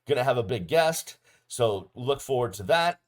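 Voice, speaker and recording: A man's voice: medium pitch, moderate pace. A middle-aged man hosting a podcast, giving a casual solo game recap with plenty of ums and uhs. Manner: casual, relaxed delivery with frequent ums and uhs. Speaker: podcast host. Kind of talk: solo sports recap video.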